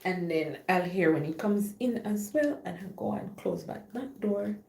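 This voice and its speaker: A young adult woman, chatting casually on a live stream and loudly urging her dog along between asides. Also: mid-range voice, animated, moderate pace, gravelly, background noise.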